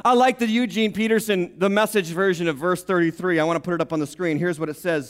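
A pastor preaching a sermon in an animated, humorous way, acting out quotes. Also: male voice, high-pitched, fairly quick.

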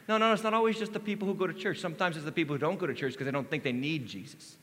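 A man's voice: a little high, very fast, hardly any pauses, a bit bright, big-room sound. A man preaching a sermon as lead pastor, acting out quoted voices and leading the congregation in call-and-response.

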